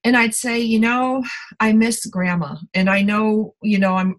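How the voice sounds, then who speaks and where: Middle-aged woman guest, candid storyteller, medium pitch. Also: flat delivery, a little slow, rough recording. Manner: candid storytelling, many fillers and restarts. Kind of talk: podcast conversation.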